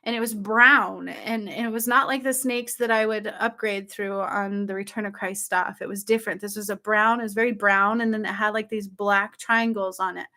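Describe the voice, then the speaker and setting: A woman telling her viewers about a dream in casual, excited speech, often checking in with "okay?" and "like". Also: medium pitch, normal speed, few pauses. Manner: excited, breathless storytelling with frequent "like" and "okay?". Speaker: spiritual channel host.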